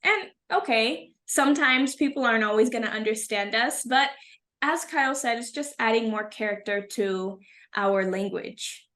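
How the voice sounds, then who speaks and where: A woman co-hosting a casual talk about language learning, speaking in a warm, affirming, emphatic way. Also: fairly high pitch, normal speed. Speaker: co-host, Spanish and English teacher. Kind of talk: casual conversation.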